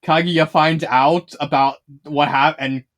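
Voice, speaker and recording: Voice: medium pitch, steady tone, slow, fairly bright tone. A fanfiction reviewer talking casually, rambling with many restarts and fillers and laughing often while retelling scenes.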